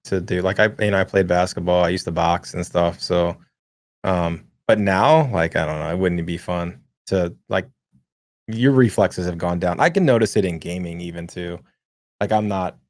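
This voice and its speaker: A man co-hosting a casual gaming podcast, laid-back and quick to laugh, with lots of fillers, reading chat messages aloud. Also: low-pitched, no room sound. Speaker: podcast co-host.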